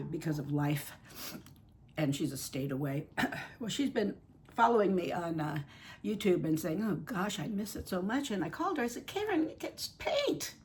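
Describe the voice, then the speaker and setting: A woman's voice: deep voice, a little mellow, slight background noise. A woman chatting casually while painting reborn dolls at her home craft table, rambling and fond. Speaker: reborn doll artist and channel host.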